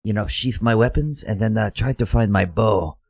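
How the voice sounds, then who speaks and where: A man's voice: on the low side, moderate pace, vocal fry, slightly rough, dry recording. A man playing a tabletop game, talking hesitantly and trailing off. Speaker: player. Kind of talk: casual tabletop play.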